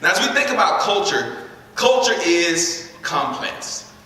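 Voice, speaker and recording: A man leading a lively interactive talk with students in a school hall, often repeating his words as he starts sentences. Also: sits high, a little slow. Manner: repeats words, energetic crowd prompts. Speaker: speaker leading a school workshop. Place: large echoey school hall. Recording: echoey hall recorded from far off.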